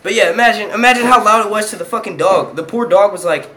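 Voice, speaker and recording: A man's voice: high-pitched, fast, sharp tone. Profane, rambling young man on a live stream. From Philadelphia. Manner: profane, rambling, laughs a lot. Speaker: YouTube channel host. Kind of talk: casual live stream chat.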